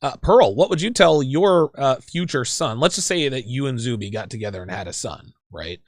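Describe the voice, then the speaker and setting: A man's voice: medium pitch, animated, normal speed, no room sound. A man hosting a podcast, asking his guests playful, teasing questions in casual chat. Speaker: podcast host.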